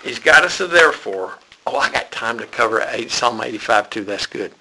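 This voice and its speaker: A man's voice: mid-range voice, expressive, a little fast, pushed and bright, rough recording. A man preaching a sermon in a church, folksy and conversational.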